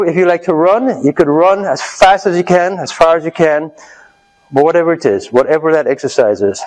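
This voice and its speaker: A man with a slightly high voice leading a live health workshop. He talks the room through an exercise step by step and keeps checking that everyone is following. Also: rough recording. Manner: coaching, urging the audience on loudly. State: out of breath. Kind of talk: live seminar talk with group exercise.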